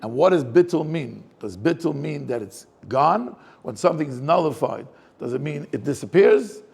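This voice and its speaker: Gravelly-voiced rabbi probing a text. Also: male voice, on the high side, animated, moderate pace, a little mellow. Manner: probing, asks many rhetorical questions. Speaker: rabbi teaching a class. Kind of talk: Torah class, questioning the text aloud.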